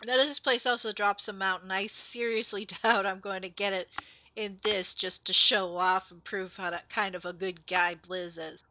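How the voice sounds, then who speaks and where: A woman's voice: medium pitch, fairly even intonation, normal speed, pushed and bright, slight background noise. A woman streamer giving casual, chatty commentary while she plays, explaining game lore and laughing at her own mistakes.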